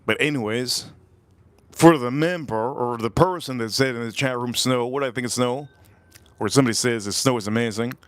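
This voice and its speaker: A man's voice: mid-range voice, a little fast, dry recording. A man hosting a live stream, rambling through stories and repeating himself as he talks to his chat. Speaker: livestream host.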